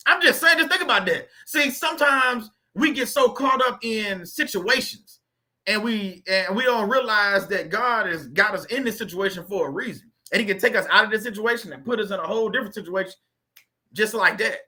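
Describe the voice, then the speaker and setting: Guy preaching to his channel, AAVE, high bright voice, talks to y'all like church. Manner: conversational preacher, repeats phrases, reads scripture slowly. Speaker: YouTube faith channel host. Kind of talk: informal preaching and scripture reading.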